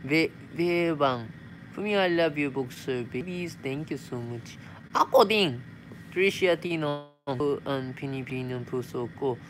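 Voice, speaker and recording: A man's voice: a little high, a little hiss or hum. A young man from Japan with a Japanese accent, chatting casually on a live stream as he reads out viewer messages and replies in simple English sprinkled with Tagalog words. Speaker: vlogger.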